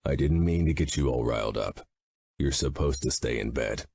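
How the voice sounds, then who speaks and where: Guy reading a stern mafia big brother, flat and matter-of-fact, husky low voice. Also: normal speed, no echo, exaggerated voice. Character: stern worried mafia boss, older brother. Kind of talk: audiobook narration.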